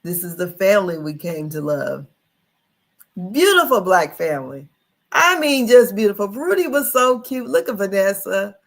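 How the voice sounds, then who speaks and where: A middle-aged woman chats through a casual livestream in a folksy, familiar way and keeps calling her viewers honey. Her mid-pitched voice carries a slightly gravelly, creaky texture. She sounds like she is talking into a home streaming setup. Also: very animated, moderate pace. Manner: chatty, folksy, calls the audience honey. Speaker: livestream host.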